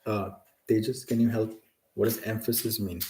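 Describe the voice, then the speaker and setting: A man's voice: on the low side, level tone, moderate pace, darkish tone, rough recording. A man teaching a scripture class, asking students questions and often checking in with "right?".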